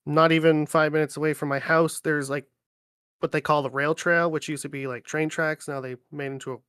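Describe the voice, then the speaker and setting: A man, a livestream guest chatting in a relaxed, rambling way with many fillers. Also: fairly high pitch, brisk, clear, resonant tone, dry recording, clean studio sound. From Ontario, Canada. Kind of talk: casual chat on a livestream.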